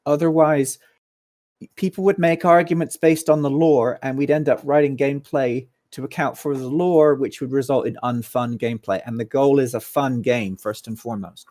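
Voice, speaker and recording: A man's voice: mid-range voice, steady tone, moderate pace, a little mellow. A staff member in an online meeting, speaking emphatically and repeating his main point. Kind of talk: casual voice-chat meeting.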